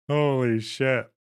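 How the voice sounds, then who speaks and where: A man's voice: medium pitch, smooth. Blunt, swearing male livestream host. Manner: profane, blunt, laughs often. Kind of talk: casual livestream commentary.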